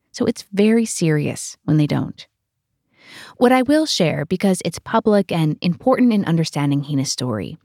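Expressive woman narrating a documentary podcast. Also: on the low side, vocal fry, no echo, clean studio sound. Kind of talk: scripted narration.

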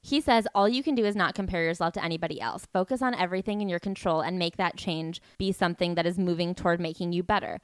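A woman co-hosting a podcast with a wry, deadpan way of asking questions and reading passages aloud. Her voice is mid-pitched and recorded close and dry, with no room around it. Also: fast, hardly any pauses, clear, resonant tone, dry recording. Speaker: podcast co-host. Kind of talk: casual chat.

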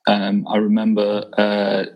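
A man chatting on a football podcast, self-deprecating and sweary with quick asides. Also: fairly low pitch, completely flat delivery, muffled recording. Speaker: podcast co-host. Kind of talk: casual chat.

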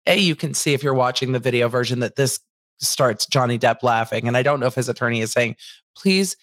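A woman's voice: very deep voice, fairly quick, no echo, clean studio sound. A woman hosting casual legal commentary, chatting through testimony and paraphrasing witnesses with asides.

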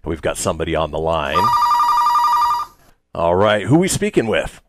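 A man's voice: low voice, big pitch swings, normal speed, heavy background noise. A man hosting a radio call-in segment, with wry, upbeat remarks to his co-host and callers.

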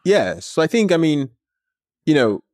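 A man, a company founder, telling a story as an interview guest in an animated way, with many filler words. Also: on the high side, unhurried, dry recording, studio quality.

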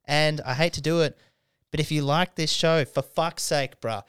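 A man's voice: a little high, steady tone, normal speed, a bit bright, clear, resonant tone, no room sound, clean studio sound. A young Australian man hosting a podcast, tipsy and swearing constantly as he laughs through drunken stories. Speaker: podcast host. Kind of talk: casual drunk chat.

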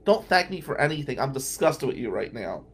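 A man voicing a blunt, sharp-tongued woman lawyer who scolds and teases with sarcasm. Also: a bass voice, very animated, a little fast, breathy edge, heavily acted. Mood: indignant.

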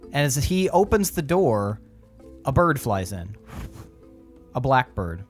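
A woman's voice: rumbling low, slow, soft background music. Laughing woman running the game. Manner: laughs often, relaxed narration. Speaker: game master. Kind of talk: narrating a tabletop game.

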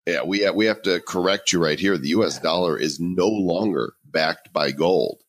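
A man's voice: deep voice, moderate pace, dry recording. A male podcast co-host in casual chat, upbeat and explaining things.

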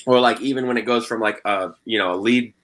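A man's voice: medium pitch, steady tone, fast, fairly bright tone. A young man, a guitarist, chatting casually, swearing often and saying "dude" and "like" a lot. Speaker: guitarist in a band. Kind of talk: casual chat.

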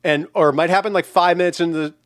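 A man's voice: fairly high pitch, fairly even intonation, rapid-fire, no room sound, studio quality. A man in his forties hosting a podcast, joking crudely in casual chat. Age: 40s. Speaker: podcast host.

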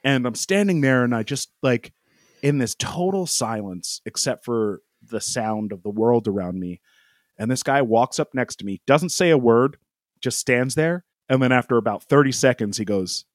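A man's voice: medium pitch, lively intonation, normal speed, dry recording, clean studio sound. Rambling man telling a travel story. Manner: rambling, laughs often, acts out quotes. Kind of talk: casual storytelling.

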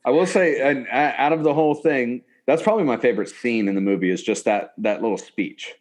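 A man's voice: mid-range voice, a little fast. A man co-hosting a podcast, casually retelling movie scenes and laughing along. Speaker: podcast co-host.

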